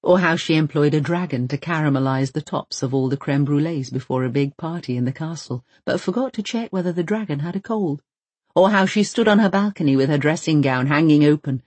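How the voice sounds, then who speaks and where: An expressive audiobook narrator reading a novel in a measured storytelling voice. The tone is somewhat husky, and the recording is close and dry with no room sound. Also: medium pitch, no echo. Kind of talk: scripted narration.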